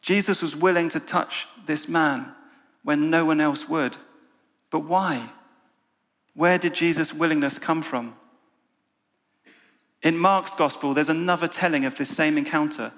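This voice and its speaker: A man's voice: fairly high pitch, measured pace, pauses often, a bit bright. A man preaching a sermon to a room of listeners, leading them through an imagined story and asking them questions. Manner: storytelling, inviting the audience. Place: church meeting room with an audience. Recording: long hall reverb.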